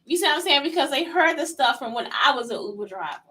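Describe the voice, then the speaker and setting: A woman's voice: sits high, animated, quick pace, pushed and bright, rough recording. A woman hosting a casual solo podcast, blunt and profane, firing rhetorical questions straight at her listeners. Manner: talks straight to listeners as "y'all". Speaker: podcast host.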